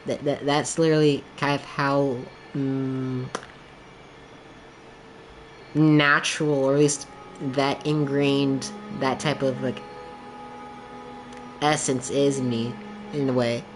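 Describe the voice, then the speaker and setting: A man's voice: medium pitch, level tone, slow pace, pauses often, soft background music. A young man streaming a game, chatting casually in a rambling, candid way, leaning heavily on the filler "like". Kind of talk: casual chat while gaming.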